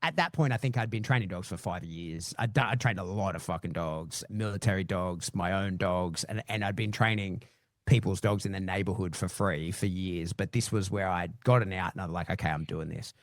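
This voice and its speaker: A man's voice: low voice, moderate pace, no room sound, studio quality. A man who trains dogs, a guest on a podcast, speaking frankly and thoughtfully, swearing freely and often restarting his sentences. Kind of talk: casual podcast conversation.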